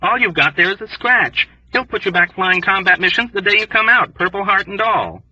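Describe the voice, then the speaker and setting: A man voicing a hotheaded young airman who talks in a rough, quavering, overwrought and pugnacious way. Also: sits high, expressive, fairly quick, sharp tone, no room sound, recorded from a distance, dull audio, pitched above the performer's own voice, heavily acted. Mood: agitated. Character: frantic sneezing young male airman, hotheaded. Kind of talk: audiobook character voice.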